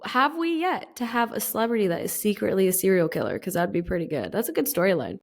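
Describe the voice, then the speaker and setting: A woman co-hosting a podcast, telling stories in casual chat with an expressive, up-and-down delivery. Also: medium pitch, fast. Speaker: podcast co-host.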